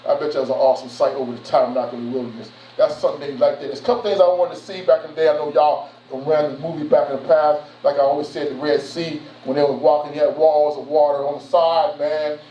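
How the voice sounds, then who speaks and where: A man preaching a sermon, animated and conversational with street slang. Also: on the high side, fast, a little hiss or hum. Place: church sanctuary. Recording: echoey room from far off, muffled.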